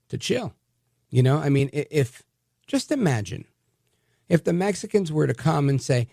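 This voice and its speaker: Gravelly, combative male talk radio host. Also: medium pitch, no echo, studio quality. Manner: animated and combative, many restarts. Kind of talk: opinionated talk radio commentary.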